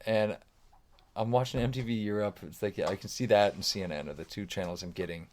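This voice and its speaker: A man's voice: lowish voice, fast. A man guesting on a podcast, telling anecdotes casually, acting out what people said and swearing now and then. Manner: animated, acts out quoted remarks, frequent "like" fillers, swears casually. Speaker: guest musician. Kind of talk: casual storytelling.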